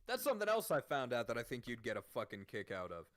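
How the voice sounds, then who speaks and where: A man's voice: medium pitch, fast, no echo. A man streaming and chatting casually, swearing constantly and ranting in disbelief. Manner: profane, incredulous, animated ranting. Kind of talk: casual chat.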